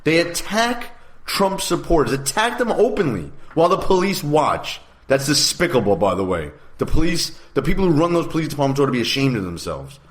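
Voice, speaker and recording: A man co-hosting a talk radio show from a studio, with a lively voice that swings widely in pitch. He rants emphatically and sometimes rises to a shout. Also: a little fast. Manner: emphatic, ranting, rising to shouts. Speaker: co-host. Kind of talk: political talk radio commentary.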